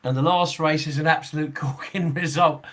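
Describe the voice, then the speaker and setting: A man's voice: on the high side, fairly even intonation, moderate pace, fairly bright tone. A man in his sixties, a football referee hosting a podcast, chatting casually in a rambling way, chuckling often and restarting his sentences. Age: 60s.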